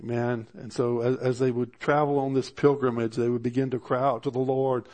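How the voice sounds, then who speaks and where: A man preaching a sermon, animated and rising in pitch for emphasis, often restarting his phrases. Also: fairly quick, few pauses. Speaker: pastor.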